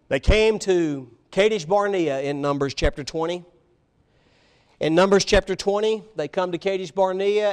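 A man preaching a sermon, telling Bible stories with animated voices and speaking directly to the children. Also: high voice. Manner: animated storytelling, voicing biblical figures, addressing children. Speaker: pastor.

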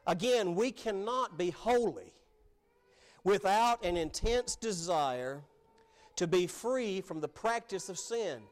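High-voiced earnest male preacher. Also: expressive, slow pace. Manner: earnest preaching, rising to emphatic peaks. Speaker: pastor. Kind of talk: sermon.

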